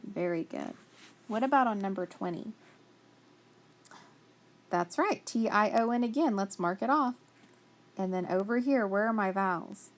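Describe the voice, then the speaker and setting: Slow, patient woman teaching phonics. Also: mid-range voice. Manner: patient, encouraging, sounds out letters slowly. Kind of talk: phonics spelling lesson.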